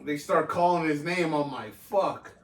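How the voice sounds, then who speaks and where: A man's voice: fairly high pitch, steady tone, takes it slowly, a bit bright. A man co-hosting a podcast, telling a profane story casually and laughing often. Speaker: podcast co-host. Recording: echoey room, mic at a distance.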